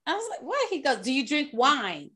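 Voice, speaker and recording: Brief: woman, 50s, high voice, lively chatty storyteller. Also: moderate pace. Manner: animated, laughing storyteller. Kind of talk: casual chat, storytelling.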